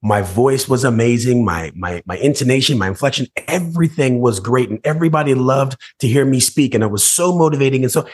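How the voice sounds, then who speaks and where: A man, a motivational speaker, telling his life story as a podcast guest, animated and acting out voices and scenes. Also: mid-range voice, a little fast, hardly any pauses, breathy edge.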